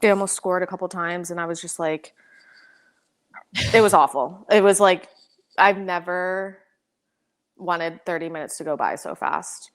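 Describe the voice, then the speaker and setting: A young American woman in casual interview chat, talking fast with many "like" fillers and frequent laughs. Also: fairly low pitch. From United States. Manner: chatty, lots of "like" fillers, laughs often. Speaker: podcast guest, pro soccer player.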